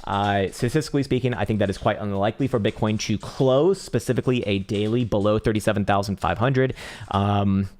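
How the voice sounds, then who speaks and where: A young man with a fairly low voice runs a live crypto trading stream. He talks chart analysis in a loose, animated way, swearing freely and laughing often as he goes. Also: brisk. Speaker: crypto trading livestream host. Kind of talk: casual live market analysis.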